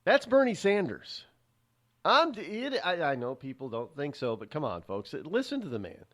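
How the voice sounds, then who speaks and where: A male talk radio host riffs through a solo opinion segment, his voice sitting a little high and swinging widely up and down. He talks with a sarcastic edge, stumbling into restarts and repeated words as he goes. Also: big pitch swings, normal speed, a bit bright. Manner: sarcastic, rambling with frequent restarts.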